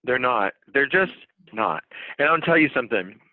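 A man's voice: mid-range voice, animated, moderate pace. A man with a drawl rambles through folksy stories and asides. His voice comes through thin and tinny, like a phone line. The sound is dry, with no room echo. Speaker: podcast co-host. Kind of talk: casual podcast chat.

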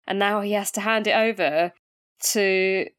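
A woman narrates a true crime case in a podcast at a middle pitch, steady when reading and chatty between passages. Her voice is recorded close and dry, with almost no room sound. She slips easily into casual banter. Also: measured pace, no room sound. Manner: reads the case steadily, then breaks into chatty, laughing banter.

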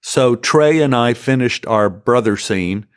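A man telling anecdotes from his acting career, emotional and animated. He restarts his sentences often and leans into the telling. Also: medium pitch, measured pace. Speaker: actor guest. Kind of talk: anecdotal storytelling in an interview.

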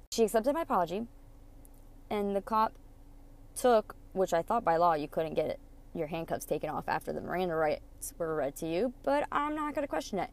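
With a fairly low, animated voice at a moderate pace, a woman shares her experiences as a mother in a frank storytime monologue. She swears openly, gets emotional, and speaks bluntly, quoting others' words as she goes.

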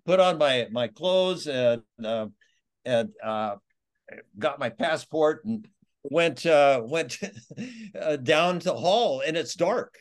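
A man, an author appearing as an interview guest, tells his survival stories in a rambling way, often restarting. His voice sits on the high side with lively intonation, and he takes his time.

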